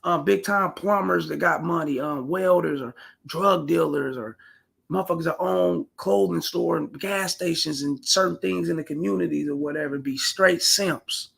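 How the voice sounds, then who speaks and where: Gravelly husky man ranting on a vlog. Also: a little high, moderate pace, fairly bright tone. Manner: blunt, profane slang, repeats himself. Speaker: commentary vlogger. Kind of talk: casual commentary rant.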